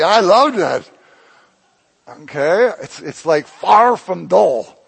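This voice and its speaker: A man preaching a sermon to his church, his voice pitched a little high and grainy with huskiness. He preaches with passion, pushing some lines out loudly and letting others fall almost to a murmur. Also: very animated, slow pace, gravelly, breathy edge, rough recording. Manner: impassioned preaching that swings between loud emphasis and hushed lines. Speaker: pastor.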